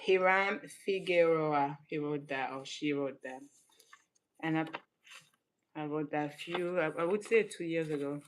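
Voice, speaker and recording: A woman from Senegal who grew up in southern France hosts her own channel and talks casually to camera. She gets animated, laughs often and restarts her sentences. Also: deep voice, a little slow. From Senegal, raised in southern France. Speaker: channel host.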